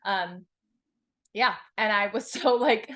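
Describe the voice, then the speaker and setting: A woman in her thirties, a success coach from Hawaii, tells her story on a podcast in a candid, expressive way, swearing freely and acting out her past thoughts. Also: medium pitch, takes it slowly.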